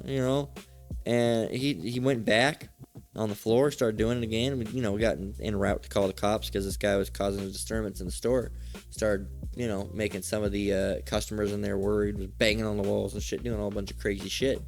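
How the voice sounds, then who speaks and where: A man with a fairly low voice tells a story from his own life in a loose, rambling way. He swears freely and often trips over his words and starts sentences again. Soft music plays faintly behind him. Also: fairly even intonation, a little fast. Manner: rambling and profane, with frequent swearing and restarts. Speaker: channel host telling a personal story. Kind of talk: casual storytelling.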